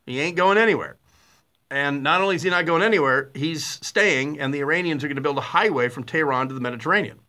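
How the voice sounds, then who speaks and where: A middle-aged man hosting a talk radio show, with a blunt, sarcastic and animated way of talking, full of fillers and restarts. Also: fairly high pitch, quick pace. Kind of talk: opinionated talk radio monologue.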